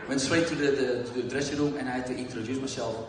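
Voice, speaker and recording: A Dutch guest at a live Q and A, speaking English as a second language in a mid-range voice, rattles off lively dressing-room stories quickly with hardly any pauses. He swears freely and acts out dialogue. The recording comes from far off in an echoey large hall, with crowd noise from the audience.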